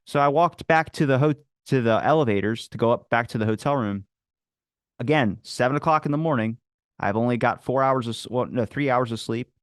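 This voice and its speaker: As a podcast guest, a man from the Philadelphia area tells a rambling, casual story full of fillers, acting out the people he quotes. His voice is medium-pitched and clean, moving a little fast, and the recording is dry with clean studio sound.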